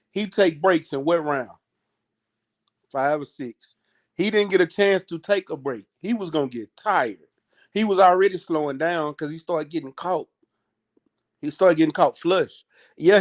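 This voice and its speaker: A man co-hosting a boxing podcast, talking in a heated, emphatic, slangy way and repeating his points. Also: high-pitched. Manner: emphatic, loud and repetitive, slangy. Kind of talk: heated casual chat.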